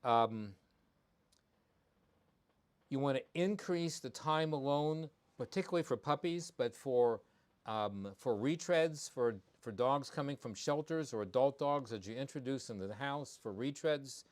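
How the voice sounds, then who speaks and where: A man's voice: mid-range voice, lively intonation, unhurried. A man, a veterinarian hosting a live show, talking with emphasis and repeating his key points, with ums and restarts. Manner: conversational with many ums and restarts. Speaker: veterinarian host. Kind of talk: live talk on pet behavior.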